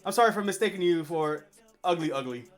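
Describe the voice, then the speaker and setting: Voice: medium pitch, animated, quick pace. A casual streamer talks in a mid-range voice, rambling through a tier list with plenty of "like" and "uh" and restarting sentences. Faint music plays behind the voice. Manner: rambling, filler-heavy, with many restarts. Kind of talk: casual livestream chat.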